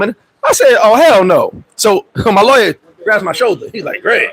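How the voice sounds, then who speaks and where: With a high-pitched, husky voice, a man speaks at a moderate pace with few pauses, recorded in low quality. He's a vlogger living abroad in the Dominican Republic, animatedly telling a livestream story laced with swearing while acting out its other figures.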